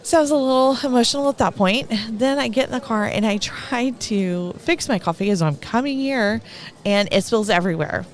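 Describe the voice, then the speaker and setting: A woman's voice: a little high, moderate pace. A middle-aged woman with a Texan accent giving rambling, talkative live commentary at an event, laughing between thoughts.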